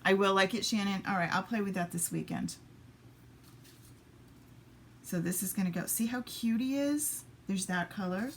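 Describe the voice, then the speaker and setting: A woman's voice: mid-range voice, moderate pace, creaky, long pauses, a little hiss or hum. A woman demonstrating papercraft in a casual live stream, chatting to viewers and muttering little asides to herself as she works at a home craft table.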